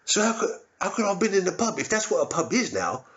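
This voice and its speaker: A man putting on a dim British bloke with a put-on accent who rambles earnestly, circling back over the same words. His voice sits a little high and swoops up and down as he talks. The audio is dull and lo-fi. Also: sing-song, quick pace, a bit bright. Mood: rambling earnest. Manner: rambling, repetitive, earnest and self-correcting. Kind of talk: satirical stand-up character monologue.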